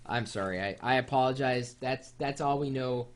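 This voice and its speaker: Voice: medium pitch, moderate pace. An American host chatting casually on a video blog, rambling with jokey asides and lots of fillers. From United States. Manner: animated, rambling, joking asides.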